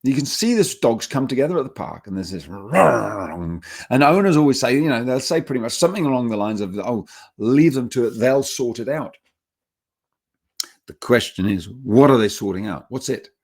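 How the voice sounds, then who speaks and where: A man giving a dog training webinar, telling stories with lively acted quotes and getting emotional at times. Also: medium pitch, brisk. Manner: animated storytelling, acts out dogs in quotes. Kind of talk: webinar talk.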